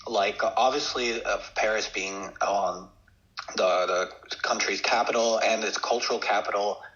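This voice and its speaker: A podcast co-host talks things through in casual chat, sounding hesitant and relying on many fillers and restarts. His lowish voice is unhurried, a bit bright, and fairly even in intonation, and the recording is muffled.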